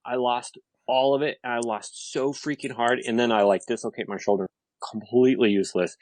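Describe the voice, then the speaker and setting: A man's voice: mid-range voice, fairly even intonation, a little fast, darkish tone, low-quality recording. A man in his thirties in casual podcast chat, telling a story animatedly with lots of fillers. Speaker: podcast guest.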